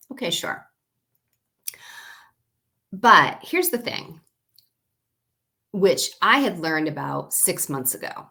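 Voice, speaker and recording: Casting note: woman in her forties, low-pitched voice, chatty and rambling, telling a personal story straight to camera. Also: sing-song, slow pace, gravelly, long pauses, sharp tone. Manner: chatty, rambling with fillers and tag questions. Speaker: wellness vlogger.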